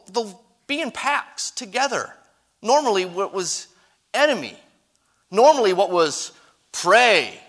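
A man preaching a sermon to his congregation, swinging between emphatic rises and hushed drops. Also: a little high. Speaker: pastor.

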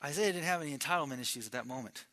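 A man from New Mexico preaching a sermon, telling a story with acted-out voices and swinging between loud and hushed delivery. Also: mid-range voice, very fast. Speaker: pastor.

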